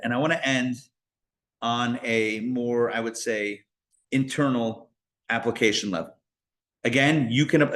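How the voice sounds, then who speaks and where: A man, a rabbi, teaching a live Torah class in an animated, conversational way, full of rhetorical questions and asides. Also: mid-range voice.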